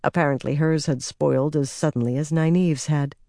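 A woman reads fantasy audiobook narration at a measured, steady pace. Her tone is dark and mellow. The recording is dry and close. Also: low voice, creaky, no room sound.

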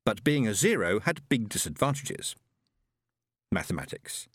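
A man narrating a science fiction audiobook in a measured storytelling manner with lively inflection. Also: on the low side, no room sound, clean studio sound.

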